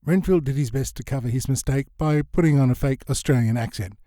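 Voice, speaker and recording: A man narrating a comic novel in a lively storytelling manner. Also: medium pitch, brisk, dry recording, studio quality. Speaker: audiobook narrator. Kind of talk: scripted narration.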